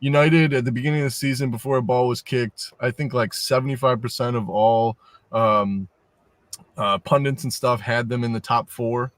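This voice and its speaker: A man's voice: medium pitch, fairly even intonation, normal speed, no echo. Dry, close-miked joking podcast man. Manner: joking, laughs often. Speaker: podcast co-host. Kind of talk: casual sports chat.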